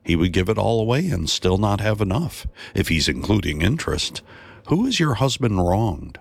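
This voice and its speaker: A man's voice: on the low side, sing-song, moderate pace, gravelly, husky, dry recording, voice pushed up, heavily acted. Male narrator voicing a blunt, inquisitive woman friend in a dry storybook reading. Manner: pointed, questioning.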